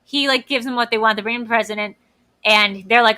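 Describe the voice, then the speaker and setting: A woman co-hosting a casual movie discussion, animated and swearing, acting out scenes in little voices. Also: a little high, a little fast, no echo. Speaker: podcast co-host.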